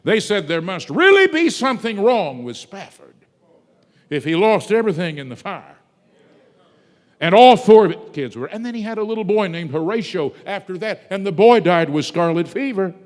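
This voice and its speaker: A man preaching in a large sanctuary, his voice ringing with a long hall reverb. He sits a little high for a man and moves his pitch all over the place, swinging from hushed asides to loud, stretched-out emphasis. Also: big pitch swings. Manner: dramatic swings in loudness, drawn-out emphatic words. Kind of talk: sermon.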